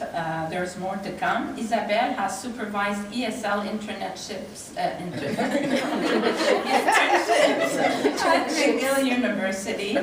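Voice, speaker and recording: A woman reading an award tribute, laughing and fighting back tears. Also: medium pitch. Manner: emotional, laughing, near tears. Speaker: award presenter. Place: large convention hall. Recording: echoey hall, distant mic, noisy.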